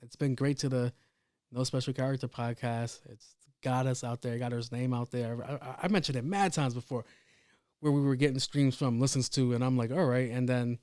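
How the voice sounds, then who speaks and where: A man hosting a casual solo podcast, telling a story about his day in a profane, rambling, animated way. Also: medium pitch, brisk, no room sound, clean studio sound. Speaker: podcast host.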